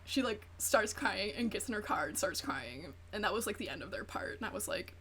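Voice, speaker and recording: A woman's voice: mid-range voice, expressive, brisk, fairly bright tone, slight background noise. A woman streamer chatting casually while gaming, rambling through profane gossip and acting out quotes. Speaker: VTuber streamer.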